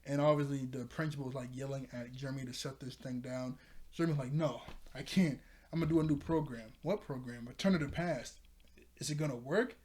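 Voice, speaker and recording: A man's voice: medium pitch, darkish tone. A young man casually recapping a cartoon episode, rambling with frequent restarts and laughs, briefly acting out the characters' lines. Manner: rambling, laughs often, acts out lines in quick bits. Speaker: show reviewer.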